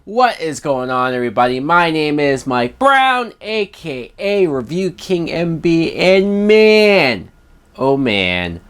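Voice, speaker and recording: A man tears into a film in a heated rant. His pitch swings up and down with real animation as he hammers home each complaint. He is scornful and emphatic and swears freely. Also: big pitch swings, slow pace, fairly bright tone, clean tone. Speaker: film reviewer. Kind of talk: ranting film review.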